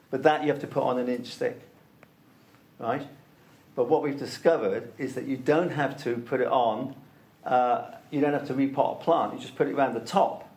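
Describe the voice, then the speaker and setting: A man's voice: medium pitch, darkish tone. Emphatic man in a roomy space. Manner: emphatic, repeats key points for stress. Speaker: interviewee, organic soil product promoter. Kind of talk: anecdotal storytelling in conversation.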